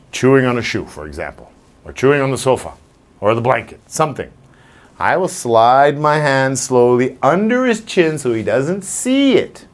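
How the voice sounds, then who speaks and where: A man who trains dogs, talking informally to a live audience and acting out scenes with little voices. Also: mid-range voice. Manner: animated, acts out scenes with voices. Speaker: dog trainer.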